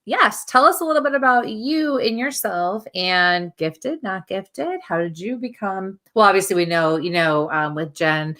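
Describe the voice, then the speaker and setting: Podcast host, woman, bright-toned, quick to giggle. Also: mid-range voice. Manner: encouraging, giggly. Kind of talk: podcast interview.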